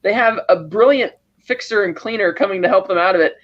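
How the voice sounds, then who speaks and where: A man co-hosting a podcast, retelling a movie scene by scene in a rapid, rambling casual chat. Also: sits high, a bit bright, lo-fi sound. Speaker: podcast co-host.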